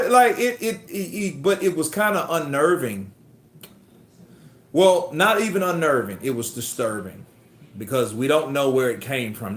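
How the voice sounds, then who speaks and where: Man, boxing livestream host, animated and profane, lively swooping pitch, roomy echo.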